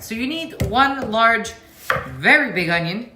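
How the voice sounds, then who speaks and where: This woman's medium-pitched voice is animated but a little slow, set against a noisy background. As host of a casual cooking demo at her stove, she speaks directly to viewers with frank asides, while frying sizzles clearly alongside stirring and clicks.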